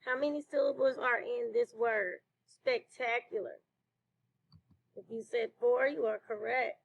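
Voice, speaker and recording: A woman teacher leading a slow phonics lesson for children, praising answers. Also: on the high side, steady tone, rough recording. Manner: slow, clear classroom delivery with praise.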